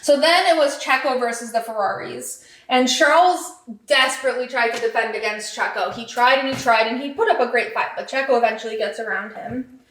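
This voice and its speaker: Chatty high-voiced woman in a roomy space. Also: fairly quick. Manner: chatty, excitable, lots of "like" and "um". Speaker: podcast host. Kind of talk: casual race recap.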